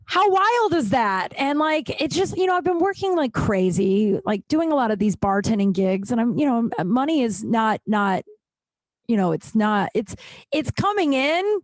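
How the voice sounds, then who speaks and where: A woman hosting a podcast in casual personal chat, talking in an animated, rambling way, swearing freely and getting emotional at times, at home. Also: fairly high pitch, moderate pace, no echo. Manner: emotional, close to tears at times. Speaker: podcast host.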